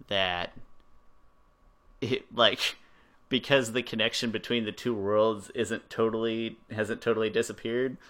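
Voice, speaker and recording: A man's voice: fairly low pitch, a bit bright. A man chatting casually as a podcast co-host, who goes off on tangents. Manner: goes off on tangents, acts out quotes. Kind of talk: casual chat.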